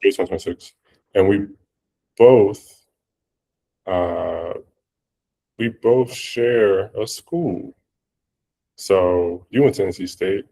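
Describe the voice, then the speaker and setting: Slow, low-voiced male host. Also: dark tone, poor audio. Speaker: podcast host. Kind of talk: casual interview.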